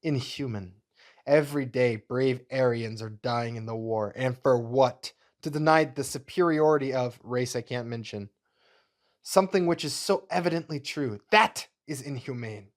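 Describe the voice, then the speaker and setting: A man voicing a cold, menacing male wartime scientist villain, speaking slowly and deliberately with threats. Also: mid-range voice, lightly acted.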